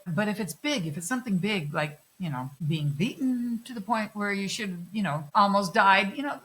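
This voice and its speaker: A middle-aged woman telling personal stories in a candid interview, animated and swearing freely as she acts out other people's lines. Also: mid-range voice, moderate pace, hardly any pauses, rough recording. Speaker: guest. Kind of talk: candid conversational storytelling.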